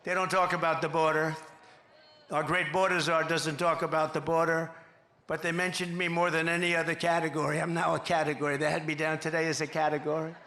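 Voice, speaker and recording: Gravelly, boastful man at a rally. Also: a little high, little pitch movement, fairly quick. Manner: boastful, repetitive, rambling, quoting others in asides; shouting to a cheering crowd at times. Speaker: political candidate at a rally. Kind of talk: campaign rally speech. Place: large rally venue. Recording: echoey venue with faint background noise.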